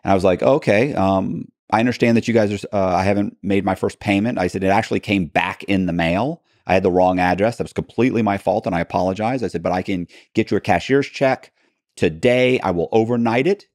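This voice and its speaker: A man telling a story as an interview guest, acting out quoted dialogue with halting restarts. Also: lowish voice, darkish tone, no room sound, clean studio sound.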